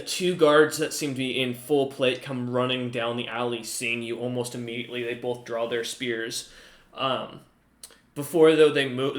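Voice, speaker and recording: Bright sounding guy running a tabletop game, lots of ums, echoey room. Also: medium pitch. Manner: rambling, filler-heavy narration. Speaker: game master. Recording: roomy echo.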